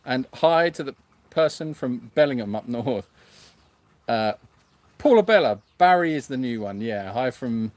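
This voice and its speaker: A man hosting a sanctuary livestream, reading viewer comments aloud in a hesitant, self-mocking way with lots of fillers. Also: medium pitch. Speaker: animal sanctuary host.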